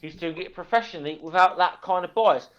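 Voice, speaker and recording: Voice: mid-range voice, brisk. Emphatic swearing guest on dull audio. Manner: emphatic, swears, repeats points. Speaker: guest on the stream. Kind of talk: casual argument.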